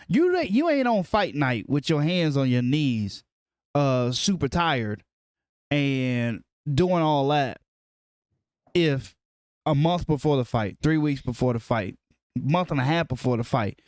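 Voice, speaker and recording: Animated, joking man with a lively voice. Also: on the high side, no echo, studio quality. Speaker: podcast co-host. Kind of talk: casual sports chat.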